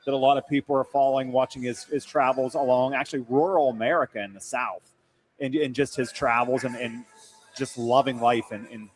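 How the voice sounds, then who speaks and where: A man co-hosting a live talk show who talks in a halting way, often repeating words. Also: medium pitch, fairly even intonation, soft background music. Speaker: co-host. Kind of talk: casual talk show chat.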